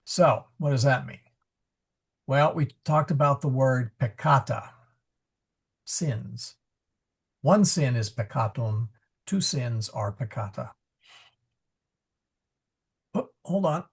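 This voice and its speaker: Slow, gravelly man teaching a class. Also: medium pitch, lively intonation. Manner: patient, explanatory, self-correcting with frequent fillers. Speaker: Latin pronunciation instructor. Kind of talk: live class over a video call. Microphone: video call.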